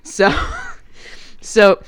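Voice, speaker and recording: A woman co-hosting a casual podcast, retelling a movie plot and acting out the characters' lines with frequent laughs. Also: very slow. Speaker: podcast co-host.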